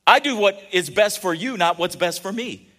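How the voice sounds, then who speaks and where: A man's voice: sits high, lively intonation, moderate pace, a bit bright. A man preaching a casual, joking sermon, telling stories and often restarting his sentences. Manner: chatty and joking, with many restarts. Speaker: pastor.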